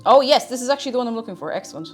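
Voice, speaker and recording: Irish woman streamer, slightly high, very animated delivery, scatterbrained kitchen chatter over faint music. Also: rapid-fire. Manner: chatty and scatterbrained, hums little tunes. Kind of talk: casual live-stream chat while cooking.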